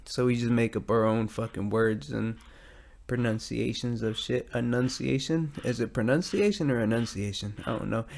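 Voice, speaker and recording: A man's voice: mid-range voice, moderate pace, vocal fry, a little mellow. A man with an American accent hosting a casual solo podcast, rambling and profane, recording at night in a metal garage. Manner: profane, rambling, self-deprecating. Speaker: podcast host. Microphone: studio mic with headphones.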